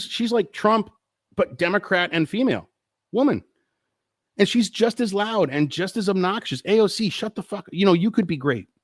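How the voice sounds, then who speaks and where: A man's voice: on the high side, dry recording, clean studio sound. A man hosting a live stream, ranting in a profane, exasperated and rambling way. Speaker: host.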